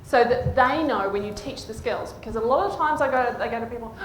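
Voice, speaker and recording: Woman clinician giving a conference talk, kinda high voice, keeps asking the crowd "yes?", echoey hall. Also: a little fast, slight background noise. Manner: keeps checking in with the audience. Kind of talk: conference presentation.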